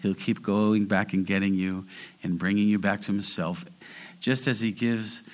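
A man preaching a sermon in an earnest way, slowing down and rising in volume to stress key phrases. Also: fairly low pitch, fairly even intonation. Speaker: pastor.

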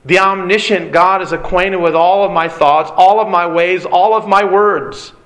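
A man preaching a sermon, earnest and emphatic, building points through repetition and pauses. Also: sits high, fairly even intonation, a bit bright, rough recording.

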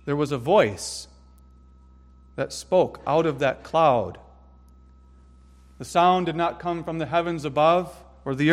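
A man preaching a sermon in a slow, deliberate style, using emphatic repetition. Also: a little high. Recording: long hall reverb.

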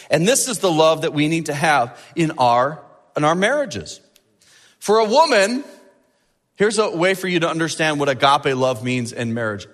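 Animated male preacher in a reverberant hall. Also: on the high side. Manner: animated, rising emphasis and drawn-out key words. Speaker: pastor. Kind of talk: sermon.

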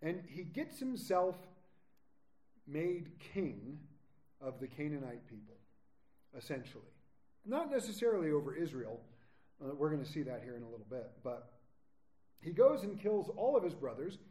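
A man leading a verse-by-verse Bible study, lively, with joking asides. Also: fairly high pitch, normal speed, pauses often.

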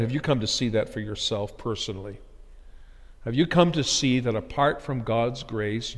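A man preaching a sermon as pastor, earnest and building emphasis on key phrases, in a church sanctuary. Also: mid-range voice. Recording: long hall reverb.

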